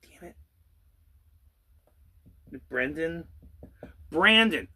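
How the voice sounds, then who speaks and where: With a fairly high, bright, forceful voice and lively intonation, a channel host launches into a sarcastic, angry monologue. He throws in rhetorical questions and occasional cursing, drawling some words slowly for emphasis.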